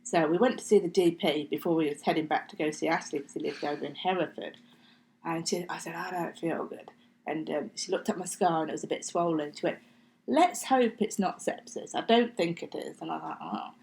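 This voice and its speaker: A woman's voice: deep voice, fairly even intonation, quick pace, gravelly, darkish tone, rough recording. A middle-aged woman, a podcast guest, telling her story in a chatty way and acting out what people said, sometimes dropping to a near-whisper. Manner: chatty, acts out quoted speech, slips into near-whispers. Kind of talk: casual interview storytelling.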